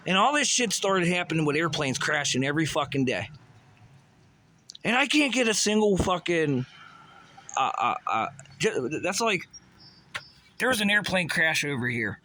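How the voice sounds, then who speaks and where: A man's voice: on the high side, sharp tone. A man from the Pittsburgh area, delivering an agitated, sarcastic, profane rant and stumbling over his restarts. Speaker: vlogger.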